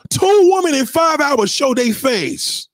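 Brief: male livestream host, high-pitched and very animated, profane combative rant, dry close sound. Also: measured pace, no room sound. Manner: profane, combative, repeats himself. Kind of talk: unscripted rant to a live chat.

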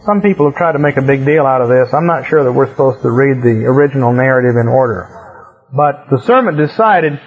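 A man reading scripture aloud and breaking off to explain it in relaxed, casual asides, as a Bible teacher, in a muffled lo-fi recording. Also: mid-range voice, quick pace, few pauses, slightly rough. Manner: reads verses, then explains in relaxed asides.

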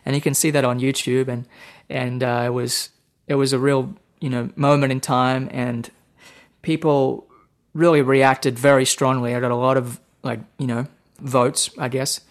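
A man's voice: medium pitch, normal speed. Australian man telling rambling stories. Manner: rambling, repeats words, animated anecdotes. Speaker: guest musician. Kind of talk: casual storytelling interview.

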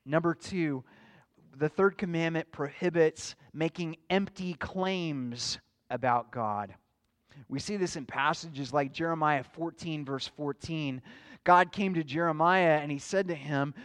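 High-voiced, unhurried male pastor preaching. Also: a bit bright, smooth. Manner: earnest, measured teaching with rhetorical questions. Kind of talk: sermon.

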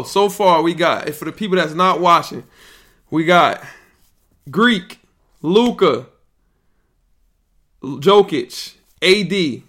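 A podcast host reacting live to a fantasy draft, excitable, yelling and laughing. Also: male voice, on the high side.

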